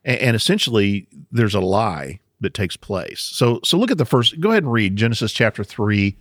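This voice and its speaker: A man's voice: lowish voice, very animated, normal speed, fairly bright tone, dry recording, studio quality. A man hosting a podcast, explaining Bible passages in a casual teaching chat, often chuckling and restarting his sentences.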